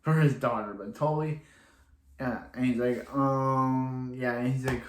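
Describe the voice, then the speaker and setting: A man's voice: mid-range voice, steady tone, a little slow. Rambling man recapping a show. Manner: rambling, repeats "so he's like" a lot. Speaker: TV show reviewer. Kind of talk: casual episode recap. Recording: echoey room.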